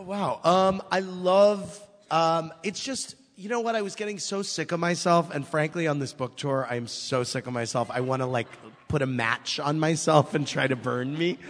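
A man speaking with a slightly raised pitch, an author guest in casual conversation. He tells stories animatedly, acting out the lines of others. The recording carries a long, lingering reverb. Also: moderate pace, slight background noise. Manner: animated storyteller, acts out quotes. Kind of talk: casual chat.

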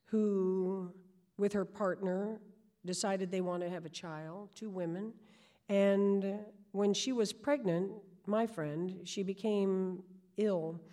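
A woman tells a story as a guest. Her delivery is animated, and she often restarts her sentences. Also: medium pitch. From New York. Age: 60s.

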